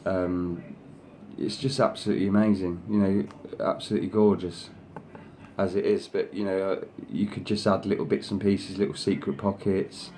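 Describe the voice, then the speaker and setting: A dark-toned man at normal speed, with little pitch movement and slight background noise, hosts a craft video. Casually and at length, he praises each design sample he shows, rambling with many "you know"s, and uses a higher voice when coaxing his pet. He is an adult, and his sister is past thirty.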